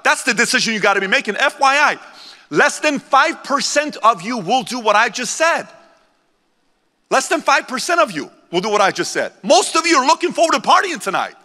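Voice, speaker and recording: Forceful man rallying a convention-hall crowd. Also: high-pitched. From born in Iran, raised in America. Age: 40s. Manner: blunt, punchy, rallies the crowd. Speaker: motivational speaker. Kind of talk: motivational speech to a live audience. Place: large convention center hall.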